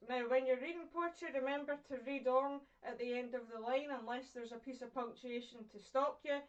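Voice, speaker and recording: A Scottish woman, an English teacher, gives a chatty, encouraging online poetry lesson, asking questions and pausing for her pupils. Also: high voice, fairly even intonation, far from the mic, lo-fi sound.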